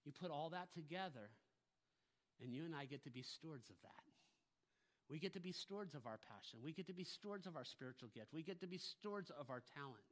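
A man's voice: on the high side, expressive, a little fast. A pastor preaching a sermon, emphatic, often putting rhetorical questions to his congregation.

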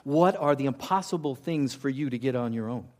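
A man preaching a sermon, swinging from loud emphatic lines to hushed, intimate ones. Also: medium pitch, expressive, brisk. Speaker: pastor.

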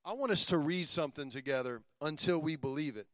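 A male pastor preaching a lively sermon, calling on his congregation to repeat lines after him. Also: fairly high pitch, fast, dry recording.

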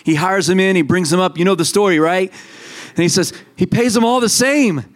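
A male pastor in his thirties preaches to his congregation. His voice sits slightly above the usual male pitch, and he keeps a relaxed, chatty delivery. He slips into quoted voices as he tells his stories. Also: a little fast. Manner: conversational, animated storytelling with quoted voices. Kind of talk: sermon.

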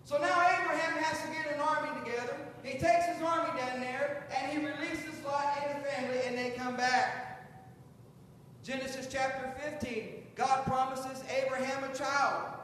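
A man preaching in a high voice tells the story in a folksy way and acts out each quote. He is heard in a large hall with a long echo. A faint hiss sits underneath. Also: steady tone, moderate pace, fairly bright tone. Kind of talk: sermon. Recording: echoey hall with long reverb and faint noise.

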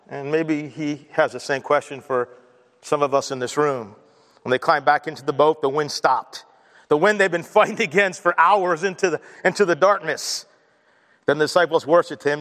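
High-voiced man preaching in a reverberant church. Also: moderate pace, a bit bright. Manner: conversational preacher, asides with chuckles, leads congregation in prayer. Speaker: pastor. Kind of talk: sermon. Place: church sanctuary.

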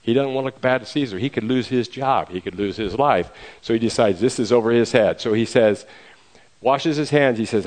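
Man preaching a lively story sermon. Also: medium pitch, brisk, low-quality recording. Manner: lively retelling with acted quotes.

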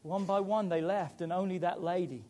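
Pastor, male, high-pitched voice, emphatic sermon delivery. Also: steady tone, normal speed. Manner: emphatic, building to loud preaching.

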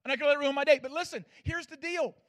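A man preaching a sermon as pastor, swinging from loud declarations to hushed asides and checking in with his listeners. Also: very high voice, rapid-fire. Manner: asks the audience for agreement.

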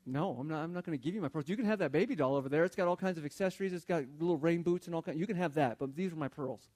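An eager little girl who adores her father, as a preacher puts her on in his own slightly high voice. She pleads and insists in quick, excited bursts while a storytelling sermon unfolds. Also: close to an everyday voice. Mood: stubborn. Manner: eager, pleading, then tearful.

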